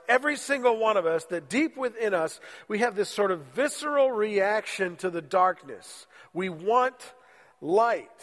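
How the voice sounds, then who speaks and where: A man's voice: high voice, a bit bright, big-room sound. A man preaching a sermon in church while fighting a cold, in a joking, conversational way. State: has a cold, voice lowered. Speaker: pastor. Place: church sanctuary.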